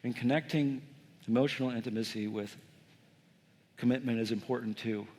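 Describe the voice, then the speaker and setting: A male pastor preaching from the pulpit, mid-pitched and conversational, with a self-deprecating storyteller's touch. He turns to the congregation with quick questions. His voice rings out with a long church echo. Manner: lively, self-mocking, addresses the congregation directly. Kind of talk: sermon with personal storytelling. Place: church sanctuary.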